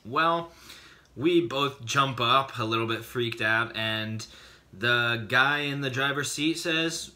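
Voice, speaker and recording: A man vlogging, telling a funny personal story in an animated, joking way with quick bursts of speech. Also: mid-range voice.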